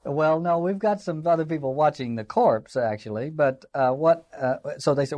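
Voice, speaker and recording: A man's voice: on the high side, moderate pace, hardly any pauses, a little mellow. A man giving a classroom lecture in a conversational, digressive way, with fillers and wry asides. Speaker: teacher.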